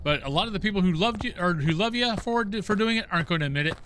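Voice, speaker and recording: A middle-aged man chats loosely with his viewers as he plays, wandering from one story to the next. His voice sits a little high and rings bright and forceful. A faint steady hum runs under the mic. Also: very fast. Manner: rambling, talks to chat and to the game's ghost. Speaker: streamer. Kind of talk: casual chat with stream viewers while gaming.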